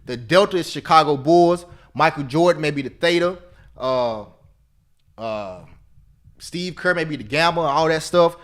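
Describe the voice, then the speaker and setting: Excitable high-voiced man teaching trading. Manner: excitable, repetitive, talks straight to viewers; sings snatches of love songs. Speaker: options trading instructor. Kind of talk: live trading class.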